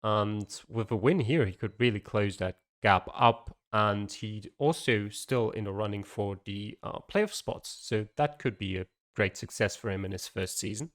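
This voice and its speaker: Low-voiced man co-commentating a game. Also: normal speed, few pauses, a bit bright. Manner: chatty, self-correcting, laughs easily. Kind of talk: casual esports commentary.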